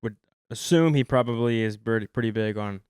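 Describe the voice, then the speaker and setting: A man's voice: fairly low pitch, darkish tone, clear, resonant tone, no echo. Man, podcast co-host, casual film chat, talkative, laughs a lot, dry close mic. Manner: quick, talkative, laughs often.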